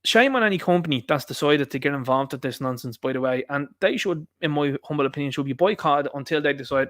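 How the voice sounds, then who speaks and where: Irish male commentator, sarcastic and rambling, rapid delivery, dry recording. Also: medium pitch, fairly bright tone, no room sound. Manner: combative, sarcastic, rambling asides. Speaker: political commentator. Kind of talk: opinionated solo commentary.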